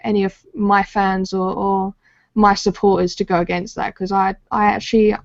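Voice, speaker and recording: A woman's voice: medium pitch, level tone, moderate pace, creaky, no room sound. A chatty woman co-hosting an art podcast, talking casually while she draws. Her voice sits mid-range and is recorded dry, with a slightly dull, lo-fi sound. She laughs often and trails off into restarts. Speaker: podcast co-host and comic artist. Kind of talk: casual chat while drawing.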